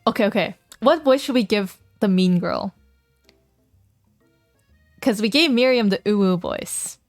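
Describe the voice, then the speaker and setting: A woman's voice: mid-range voice, lively intonation, a little slow, dry recording, studio quality, faint music behind. A woman streamer reading a dating game aloud in a playful, casual way, chatting with her viewers between lines. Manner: playful, laughs often, reads game text aloud.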